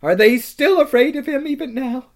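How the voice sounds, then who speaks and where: A man's voice: extremely high pitch, moderate pace, pitched above the performer's own voice. A man voicing a sobbing young girl. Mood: distraught.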